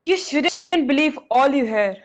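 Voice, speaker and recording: A woman's voice: sits high, expressive, measured pace. A girl reading as a stubborn curious boy. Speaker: student reading a part.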